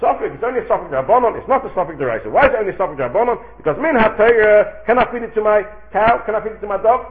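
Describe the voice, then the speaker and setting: A man giving an animated Talmud lecture, asking and answering his own questions in a sing-song manner. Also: high voice, very fast, few pauses. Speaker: Talmud teacher. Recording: tinny phone-like recording.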